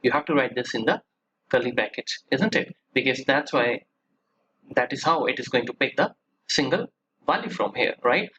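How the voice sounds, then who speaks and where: A man talking through a software tutorial as he clicks along, chatty and explanatory. He keeps checking in with the listener and pushes his voice up to stress a point. A faint hiss sits under the voice, with mouse clicks now and then. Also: medium pitch, lively intonation, normal speed, lo-fi sound. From India. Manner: chatty, frequent "right?" check-ins, rising emphasis. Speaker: software trainer. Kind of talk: screen-recorded software tutorial.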